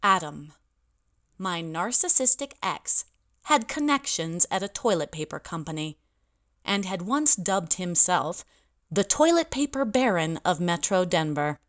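A young woman narrates her own story, wry and quick to poke fun at herself. Her voice sits a little low. The delivery is plain, first-person storytelling. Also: big pitch swings. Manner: wry, self-deprecating. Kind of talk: audiobook narration.

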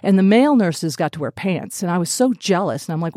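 Laughing, animated comedian woman, dry studio sound. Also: medium pitch, quick pace, few pauses, dry recording. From Colorado. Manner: animated, laughs often, playful voice shifts. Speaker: comedian guest. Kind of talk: radio interview.

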